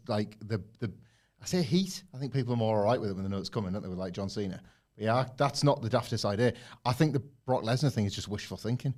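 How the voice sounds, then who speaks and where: A man co-hosting a casual podcast, thinking aloud with plenty of likes and ums. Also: on the low side. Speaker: podcast co-host. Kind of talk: casual live podcast chat.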